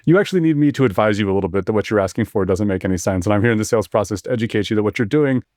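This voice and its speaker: A man hosting a podcast who talks in a quick, assertive way and often says "like". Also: lowish voice, darkish tone, no echo, studio quality. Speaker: podcast host. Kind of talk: casual podcast chat.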